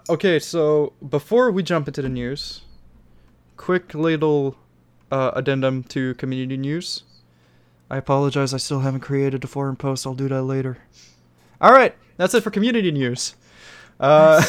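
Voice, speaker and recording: Profane, excitable man hosting a podcast. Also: a little high, clean tone. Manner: profane, excitable, laughs often. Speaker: podcast co-host. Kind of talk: casual podcast chat.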